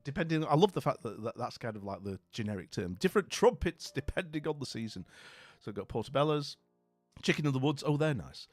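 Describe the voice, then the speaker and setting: A man's voice: medium pitch, very animated, brisk, dry recording, faint music behind. A man from northern England, chatting casually and at a ramble while live streaming a game, with many asides like "you know what I mean".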